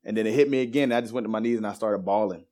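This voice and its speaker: A man in his thirties giving a personal faith testimony, telling it as a lively story and acting out the voices of the people in it. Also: lowish voice, very fast. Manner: animated storyteller who acts out quoted voices.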